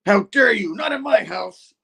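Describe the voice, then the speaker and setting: A man's voice: mid-range voice, lively intonation, normal speed. A man voicing a proud, menacing tycoon villain who speaks in a formal, lordly way while retelling a comic. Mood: furious. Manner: formal, lordly delivery that flares into fury.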